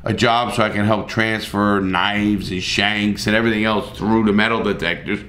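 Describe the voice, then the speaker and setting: A man's voice: on the low side, level tone, normal speed, fairly bright tone, reverberant. A middle-aged man telling a story in a blunt, profane, casual way, with repeated starts.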